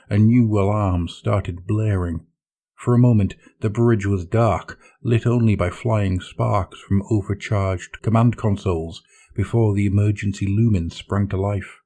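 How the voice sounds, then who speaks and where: A man narrating dramatic science fiction in a measured storytelling manner. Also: fairly low pitch, steady tone, dark tone.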